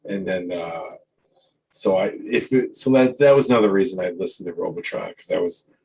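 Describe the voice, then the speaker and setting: A man's voice: deep voice, normal speed, creaky, dark tone, a little hiss or hum, rough recording. A man hosting a podcast, talking in a chatty, self-interrupting way. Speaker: podcast host. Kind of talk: casual chat.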